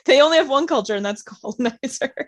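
A woman's voice: high-pitched, quick pace. Woman guest on a podcast, tells stories, laughs a lot. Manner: laughs often, animated storytelling. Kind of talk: casual chat.

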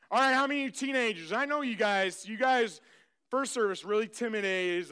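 A male pastor preaching to his congregation, with a high, bright voice. His tone is clear and smooth as he reads scripture and urges the room to answer back. He is energetic and exclaims often. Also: a little fast. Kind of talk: live sermon. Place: church service.

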